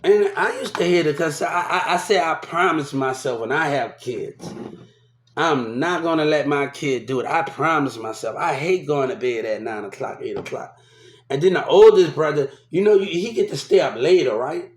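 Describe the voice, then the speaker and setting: A man's voice: fairly high pitch, moderate pace. Rambling New man, echoey room. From New Orleans. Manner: rambling, profane, repeats himself. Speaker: vlogger. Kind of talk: casual rambling storytelling.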